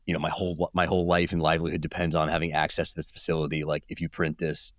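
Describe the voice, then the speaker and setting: A man's voice: very deep voice, completely flat delivery, very fast, dry recording, studio quality. A male journalist from California with a Californian accent, rambling as a guest and acting out people he met. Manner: rambling, acts out quoted people. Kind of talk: casual interview talk.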